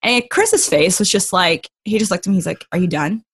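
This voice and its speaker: A woman's voice: mid-range voice, normal speed, slightly rough. A young adult woman, a masters swimmer guest, telling a story in a casual interview and acting out the quotes. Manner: animated storyteller, acts out quotes.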